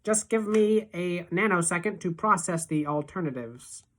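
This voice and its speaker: A woman's voice: on the low side, moderate pace, lightly acted. A woman voicing a small, clever boy who gives urgent, clipped commands in a storybook reading. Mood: excited. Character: small, brainy, bossy boy, excitable and commanding.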